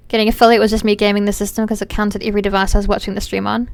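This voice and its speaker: A woman streamer chatting casually while playing a game, animated and playful, with quick asides and some swearing. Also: mid-range voice, no echo.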